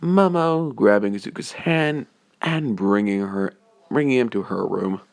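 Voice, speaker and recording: A man's voice: on the low side, a little slow, vocal fry. A man narrating a fan story off the cuff, rambling with many hesitant restarts. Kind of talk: improvised fan story reading.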